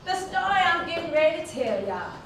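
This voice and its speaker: A woman's voice: very high-pitched, fairly quick, a little hiss or hum, full character voice. A woman playing a spirited young singer. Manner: lively, folksy storytelling with chuckles. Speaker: narrator of a one-woman stage play. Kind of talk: theatrical storytelling. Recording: echoey hall from far off, faint music.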